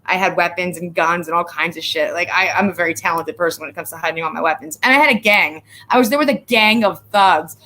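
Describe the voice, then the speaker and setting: A woman's voice: on the low side, quick pace, hardly any pauses, sharp tone, slight background noise. A woman on a casual live stream, rambling and swearing with sarcasm, sometimes choked up as she reads viewers' comments. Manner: emotional, tearing up while reading viewers' comments. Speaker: vlogger.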